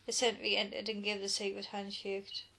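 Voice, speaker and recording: A woman reading a children's storybook aloud in an expressive narrating voice. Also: medium pitch, moderate pace, gravelly.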